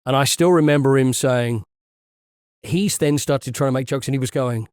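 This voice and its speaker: A man with a mid-range voice co-hosts a podcast in a dry, close recording. He chats casually and jokes around, laughing as he tells animated stories. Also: mid-range voice, normal speed, clean tone, no room sound. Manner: jokey, laughs often, animated retelling. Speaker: podcast co-host. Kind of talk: casual chat.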